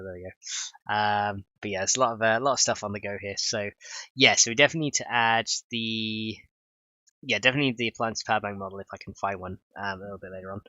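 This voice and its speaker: A man with a stuffed-up nose talks through a casual livestream, thinking aloud and chuckling as he rambles. His low voice has a bright, forward edge. The sound is dry and a little dull, as if from a lo-fi mic. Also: no room sound. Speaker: livestreamer and game modder.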